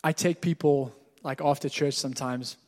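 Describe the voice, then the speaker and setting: Pastor preaching in an echoey hall. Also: male voice, medium pitch, steady tone, normal speed, a little mellow. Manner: conversational storytelling, candid and informal. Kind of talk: sermon. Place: church hall.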